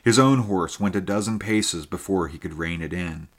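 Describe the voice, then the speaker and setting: A man narrating a story in a measured, steady reading. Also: low-pitched. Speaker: audiobook narrator. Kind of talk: scripted narration.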